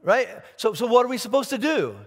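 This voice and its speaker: A man preaching a sermon as pastor, animated, asking rhetorical questions and often repeating his words. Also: extremely high pitch, fairly quick, husky, big-room sound. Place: church auditorium.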